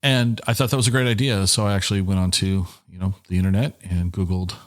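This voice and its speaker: A man's voice: low voice, little pitch movement, fast. A middle-aged man hosting a casual podcast from a small office, speaking into a headset microphone and rambling with jokes and restarts. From Washington State. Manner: rambling, self-interrupting, joking. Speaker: podcast host. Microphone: headset and studio microphone.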